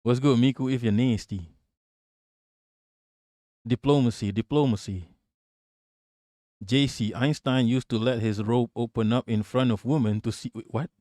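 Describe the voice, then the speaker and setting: A man's voice: medium pitch, fairly even intonation, a little fast, hardly any pauses, mellow, dry recording, studio quality. A man hosting a live stream, reacting to news clips with profane, mocking asides and greeting his chat. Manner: profane, mocking, chatting with viewers. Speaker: livestream host. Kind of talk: casual live-stream commentary.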